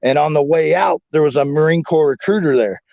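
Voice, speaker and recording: Talking a little fast with vocal fry, an American interview guest with a fairly high voice spins casual stories from his days as a wrestler and Marine. He rambles and swears, leaning on fillers like "you know what I'm saying," and the audio is dull, dry, lo-fi, and echo-free.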